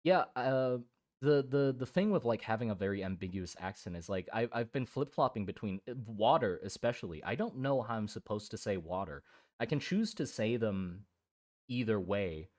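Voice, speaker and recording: Young man, from Germany and Thailand, low-pitched, rambling casual stream chat, restarts and swearing. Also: expressive, normal speed, darkish tone. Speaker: streamer drawing miniatures.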